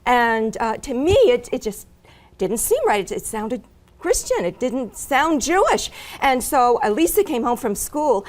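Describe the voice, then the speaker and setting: A middle-aged woman recounts her testimony in an earnest, storytelling way. Her voice sits a little high for a woman. She fills her pauses often as she goes. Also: very animated. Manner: earnest storytelling with frequent fillers. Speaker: guest sharing her testimony. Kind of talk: personal testimony in conversation.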